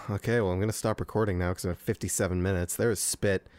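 A podcast host with a deep, steady, slightly mellow voice talks fast as he vents about a movie into a desk microphone. His reaction is an exasperated rant laced with swearing.

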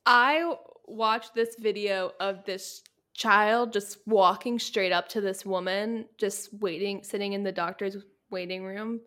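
A woman's voice: medium pitch, steady tone, a little slow, fairly bright tone. A woman from the United States co-hosting a casual chat podcast, telling rambling stories and laughing often. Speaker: podcast co-host.

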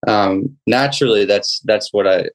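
Young man, low voice, halting speech, casual interview storytelling. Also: low-quality recording. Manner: halting, many restarts and fillers, soft laughs. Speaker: guest musician and songwriter.

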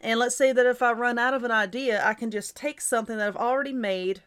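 A woman hosting her own show, giving casual, reassuring advice in a chatty, repetitive way while stifling hiccups. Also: on the high side. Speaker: YouTuber and podcast host.

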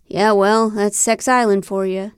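A woman's voice: medium pitch, a little slow, clear, resonant tone, no echo, clean studio sound, close to an everyday voice. A woman reading an audiobook, voicing a friendly, earnest man in his thirties who talks in an eager, chatty way. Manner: chatty, eager, animated outbursts. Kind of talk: audiobook character voice.

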